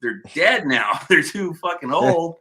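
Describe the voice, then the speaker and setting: A man's voice: on the high side, measured pace, a loud crowd. A man hosting a casual chat, telling stories loosely and swearing freely. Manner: storytelling, swears freely, animated when retelling. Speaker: podcast host.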